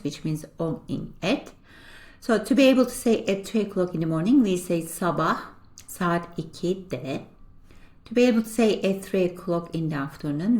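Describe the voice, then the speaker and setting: A woman teaching a beginner language lesson. She explains patiently, step by step, with a steady run of "so" and "right?", and slows down to model each phrase. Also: medium pitch.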